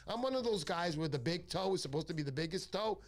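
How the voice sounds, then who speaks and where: A man's voice: high voice, lively intonation, fast. A middle-aged man, hosting a fishing livestream in casual chat, joking and rambling through his stories. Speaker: fishing show host.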